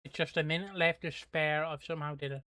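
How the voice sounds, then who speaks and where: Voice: medium pitch, fairly even intonation, fast, pushed and bright, dry recording. A British livestream host chatting casually while watching a show, muttering to himself and swearing offhandedly. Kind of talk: casual live-watch commentary.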